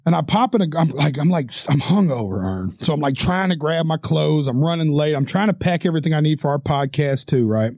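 A man's voice: on the high side, expressive, a little fast, hardly any pauses, darkish tone, no room sound, clean studio sound. A man co-hosting a podcast, rambling through a crude story with frequent laughs and swearing. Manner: profane, rambling, laughs often. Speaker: podcast co-host. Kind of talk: casual storytelling.

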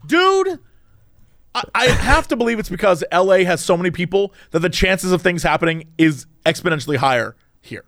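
A man hosting a casual chat, telling a story with lively, acted-out quotes and big pitch jumps. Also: fast talker, vocal fry, hardly any pauses, no echo, studio quality. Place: Los Angeles.

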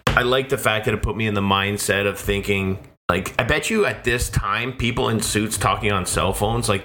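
Man, podcast co-host, playful self-mocking chat, tense bright tone. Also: lowish voice, slight background noise. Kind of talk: casual chat.

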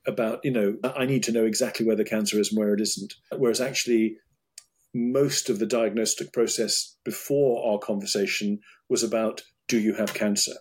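Brief: middle-aged British doctor, husky and measured, restarts often. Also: male voice, lowish voice, fairly even intonation, a little mellow. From United Kingdom. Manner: thoughtful, with many restarts and repeated words. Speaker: urologist guest. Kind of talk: interview conversation.

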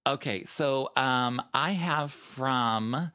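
A young adult man co-hosting a podcast, talking in an expressive, laugh-filled casual way. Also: mid-range voice, extremely slow, smooth. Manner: lively, laughs often, expressive. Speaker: podcast co-host. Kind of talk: casual chat.

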